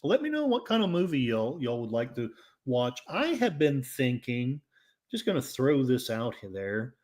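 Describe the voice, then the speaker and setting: A man's voice: mid-range voice, sing-song, measured pace, a little mellow. A man with an Oklahoma accent hosting a casual livestream, reading chat comments in a rambling, jokey and self-mocking way. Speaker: livestream host.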